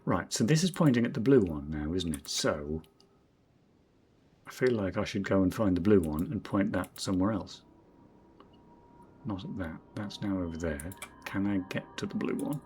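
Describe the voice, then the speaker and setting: A man in his forties from Northeast England with a southern English accent, streaming a game in casual commentary, rambling and self-deprecating, muttering quiet asides to himself. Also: deep voice, lively intonation, moderate pace, long pauses, a little hiss or hum. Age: 40s. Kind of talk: casual game commentary while reading chat.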